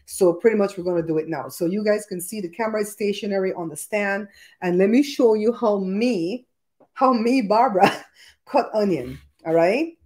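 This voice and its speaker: A woman's voice: mid-range voice, moderate pace, darkish tone. A woman from Belize, hosting a live cooking stream from her home kitchen and chatting upbeat with viewers, greeting them by name. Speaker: cooking show host. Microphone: laptop live stream with a microphone.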